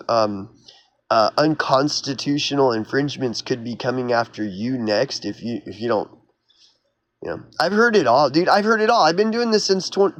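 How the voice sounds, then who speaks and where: A man from Oklahoma, a YouTuber, delivering a heated, sarcastic vlog rant in a mocking, exasperated manner. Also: medium pitch. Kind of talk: ranting vlog monologue.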